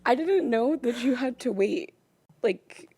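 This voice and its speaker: A woman's voice: a little high, animated, slow, mellow, husky, dry recording. A woman in her twenties hosting a podcast, chatting casually with a friend and laughing often. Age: 20s. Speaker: podcast host. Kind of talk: casual chat.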